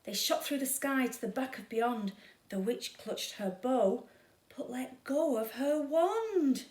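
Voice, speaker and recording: A woman reading a children's story aloud at a storytime, slow and dramatic. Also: high voice, expressive, a little mellow, distant mic. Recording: echoey room.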